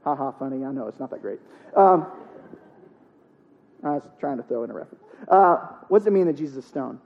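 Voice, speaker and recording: Man, pastor, high-pitched, casual preaching with punchy repetition, muffled recording. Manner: conversational preaching with jokes and emphatic repetition. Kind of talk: sermon.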